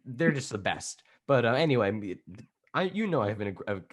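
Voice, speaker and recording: A young man co-hosting a casual wrestling podcast, rambling excitedly and laughing often. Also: mid-range voice, fairly quick. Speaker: podcast co-host.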